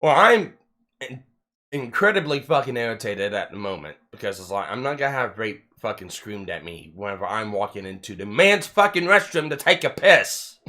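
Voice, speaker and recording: A man's voice: fairly low pitch, moderate pace. A man hosting a casual podcast, telling a long story with heavy swearing and lots of restarts. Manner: rambling, heavy swearing, animated retelling. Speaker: podcast host.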